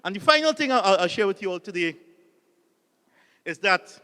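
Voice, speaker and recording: A Trinidadian man, a Catholic priest, gives a light-hearted talk that is built on anecdotes and drawn-out punchlines. His voice sits high, and he keeps asking the crowd to repeat lines back to him. The sound carries a long reverb from a large hall. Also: animated, sharp tone, clear, resonant tone. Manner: jokey storyteller, calls on the audience to repeat lines. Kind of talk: humorous motivational talk.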